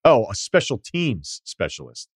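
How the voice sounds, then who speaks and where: A man's voice: medium pitch, very animated, unhurried, husky, dry recording, studio quality. A man hosting a casual podcast, reading a listener email aloud and riffing on it with wry, profane asides. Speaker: podcast host.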